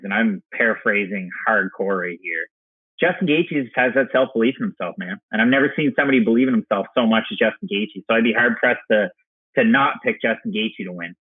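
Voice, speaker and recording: Guy co-hosting, husky voice, sounds like a dry tinny phone line, rambles a lot. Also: medium pitch, no echo. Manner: rambling, restarts often. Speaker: podcast co-host. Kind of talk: casual sports chat.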